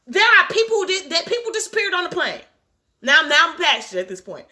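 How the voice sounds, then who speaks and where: A woman reading a novel aloud and stopping often to react in animated, profane outbursts. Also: very high-pitched, quick pace. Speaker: reader and commentator. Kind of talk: casual read-aloud with reactions.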